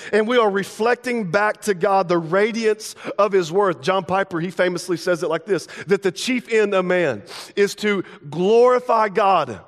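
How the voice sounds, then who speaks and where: A young man preaching a casual, playful sermon as pastor, slipping into everyday dialogue to make his points. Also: sits high. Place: church sanctuary. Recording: long hall reverb.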